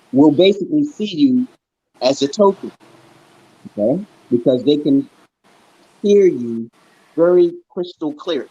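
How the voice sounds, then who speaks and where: Husky-voiced man from Brooklyn, emphatic. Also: a little high, mellow, no room sound, muffled recording. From Brooklyn, New York, USA. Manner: emphatic, keeps checking in with "okay". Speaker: stream host giving language advice. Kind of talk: casual teaching chat.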